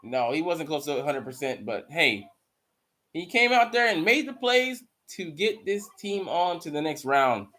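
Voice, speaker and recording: A man hosting a live watch party, commenting casually and profanely on the game with excitable outbursts. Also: fairly high pitch, moderate pace. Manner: profane, excitable, bursts into mocking shouts. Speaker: live stream host.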